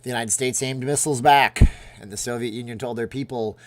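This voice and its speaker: A man's voice: mid-range voice, fairly even intonation, brisk. Rambling male livestream host. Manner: rambling, reads viewer names and comments aloud. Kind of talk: casual livestream chat.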